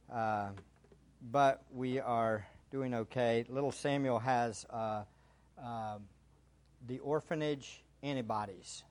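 A man's voice: medium pitch, darkish tone. A pastor, chatting wryly with his congregation before moving into an earnest sermon. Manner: chatty and wry, then earnest preaching.

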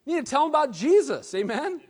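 Man preaching, high voice, casual animated delivery, long hall reverb. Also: fast. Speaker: pastor. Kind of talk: sermon.

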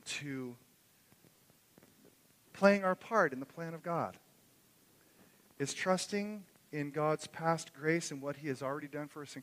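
A man preaching a sermon in earnest, swelling loud on key phrases and then dropping soft. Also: on the high side. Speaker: pastor. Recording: long echo of a hall.

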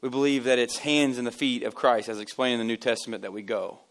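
At a church service, the lead pastor gives a casual, joking sermon to his congregation, telling stories and poking fun at himself. He is an animated, self-deprecating storyteller with a mid-range voice and a quick pace.

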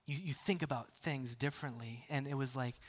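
A man pastor preaching a sermon in a conversational way, with frequent restarts and playful asides, moving between hushed, near-whispered lines and loud, emphatic bursts. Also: medium pitch, a little fast. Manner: playful humor between earnest points.

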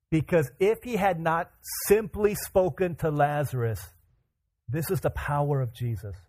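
A man preaching a sermon, animated, acting out the voices in the scripture with casual asides. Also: medium pitch, slightly rough.

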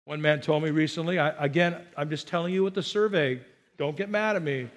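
A middle-aged man preaching a sermon as pastor, animated, shifting from quiet asides to loud emphatic lines. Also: fairly high pitch, brisk.

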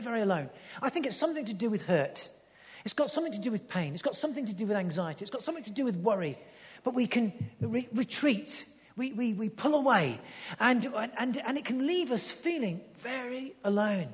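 A man preaching a sermon with passion, swinging from loud urging to hushed tones and repeating words as he builds each point. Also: sits high, breathy edge. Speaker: pastor. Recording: long hall reverb.

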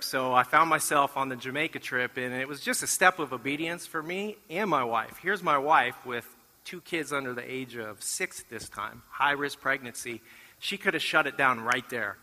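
A middle-aged man shares a testimony from the front of a church, his voice very bright and clear. He tells the story with lively acted-out dialogue and self-deprecating jokes, and the sound rings out with the long reverb of a large hall. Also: mid-range voice, moderate pace. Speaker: church mission trip speaker. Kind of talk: testimony talk to a congregation.

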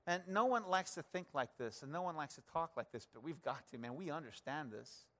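Preaching with lively intonation and a fairly quick pace, a pastor speaks earnestly and conversationally, frequently turning to address the congregation. His delivery shifts back and forth between soft, low passages and louder emphasis.

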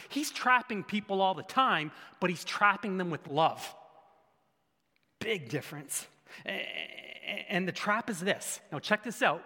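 A man preaching a sermon in an animated way, asking the crowd rhetorical questions and breaking into sudden shouts. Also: sits high. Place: church hall. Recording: echoey hall with long reverb.

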